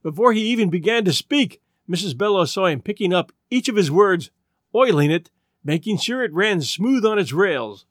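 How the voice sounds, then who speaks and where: A man reading a story aloud with an expressive, dramatic delivery. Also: high voice, moderate pace, no room sound, clean studio sound. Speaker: narrator.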